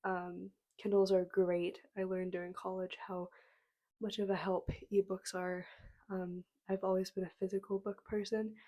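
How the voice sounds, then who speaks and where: Hoarse young woman, flat soft chat. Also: medium pitch, moderate pace. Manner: relaxed, frequent ums, soft-spoken. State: hoarse from a cold. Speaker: book vlogger. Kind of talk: casual talking-to-camera vlog. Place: home room with books behind. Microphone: small clip-on mic.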